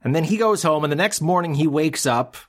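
A man's voice: on the high side, animated, a little fast. A man co-hosting a podcast in casual chat, recapping a plot in a heated, ranting way. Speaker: podcast co-host.

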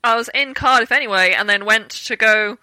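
A young woman from Britain chats as an interview guest, telling her stories with lively acted-out quotes. Her voice is bright and sharp, a little high, and recorded dry and close. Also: fairly quick, no room sound. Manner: animated storytelling with acted-out quotes and laughter. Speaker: guest, actor. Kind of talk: casual interview chat.

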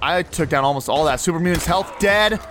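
A man hosting a podcast, excitedly talking through his own video game play as he goes. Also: on the high side, brisk, faint music behind. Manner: excitable, narrates his every move aloud. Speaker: podcast host.

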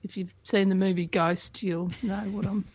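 A woman's voice: mid-range voice, steady tone, normal speed, darkish tone. A woman answering quiz questions in casual comedic banter, hesitating with many ums. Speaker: comedy podcast guest and quiz contestant.

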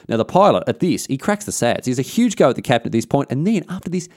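A man's voice: medium pitch, very animated, fast talker, hardly any pauses, a little mellow, no room sound, clean studio sound. An Australian man hosting a podcast, telling history in a casual, slangy, irreverent way. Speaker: podcast host.

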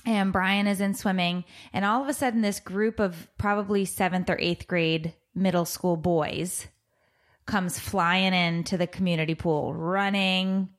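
A woman in her thirties co-hosting a casual chat show, telling a story about her kids with lively energy and raising her voice when she acts out what she said. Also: fairly low pitch, unhurried. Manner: animated, loud when quoting herself. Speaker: podcast co-host, mother.

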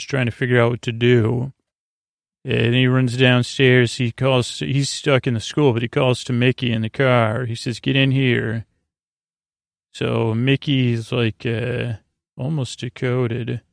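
A man hosting a sleepy bedtime podcast, retelling a story in a halting, rambling way with many fillers and restarts. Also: vocal fry, no room sound, clean studio sound. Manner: low-key monotone retelling. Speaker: podcast host. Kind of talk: sleepy bedtime episode recap.

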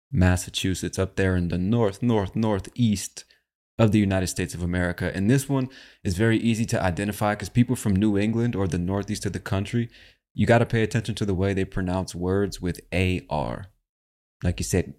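A man hosts a casual English-learning podcast, chatting directly to the listener in an animated, friendly way. His voice is fairly low. His pitch often jumps up for emphasis. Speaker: podcast host and English teacher.

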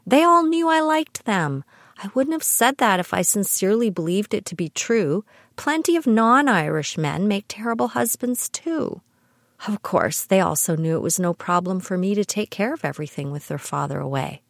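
A woman's voice: mid-range voice, expressive, normal speed, no echo. A middle-aged woman from Canada telling personal stories on her podcast with dry, wry humor. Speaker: podcast host. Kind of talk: scripted personal storytelling.

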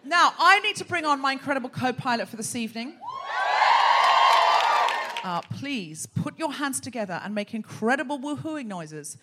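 On a theatre stage, an Australian podcast host banters playfully with her live audience during a comedy show. She talks at a normal speed in a high voice with lively intonation, and crowd sounds and faint noise come through.

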